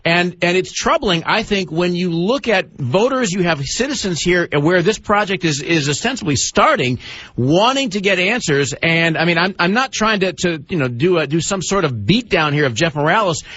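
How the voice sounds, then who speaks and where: A man's voice: sits high, expressive, moderate pace, bright, forceful tone, husky. A man hosting a radio talk show, pressing his guest with long, emphatic, multi-part questions over dull lo-fi broadcast audio. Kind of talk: pointed radio interview questioning.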